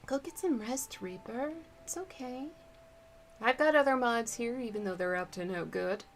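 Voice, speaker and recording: A woman streamer reading a book aloud live, with chatty, relaxed asides to her viewers. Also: on the high side, normal speed, slight background noise.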